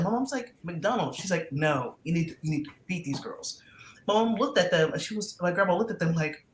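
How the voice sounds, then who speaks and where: A woman chatting casually on a stream, from the American South, an animated storyteller with loud laughs, currently sick. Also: fairly low pitch, brisk. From Southern United States. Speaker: co-host. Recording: roomy echo, faint background noise.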